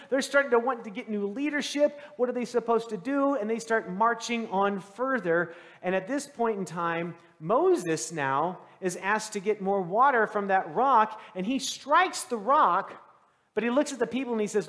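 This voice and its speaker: A male pastor with a high voice delivers a chatty sermon, tossing questions out to the congregation and slipping into the voices of the people in his story. His words ring out with a long reverb in a church sanctuary. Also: lively intonation, normal speed, fairly bright tone. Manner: conversational, quizzes the congregation; acts out quoted voices.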